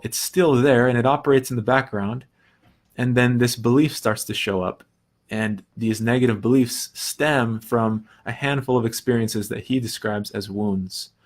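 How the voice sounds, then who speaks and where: A young adult man hosting a recovery talk, explaining ideas earnestly in a casual teaching way, often restarting and softly acting out quoted thoughts. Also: medium pitch. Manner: earnest, thinks aloud with restarts and soft quoted asides. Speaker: recovery podcast host.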